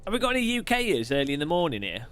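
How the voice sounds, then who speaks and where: British male streamer, lively, irreverent, quick jokes, fairly high voice. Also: clean tone, faint music behind. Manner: joking, irreverent, chatty. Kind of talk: live stream commentary.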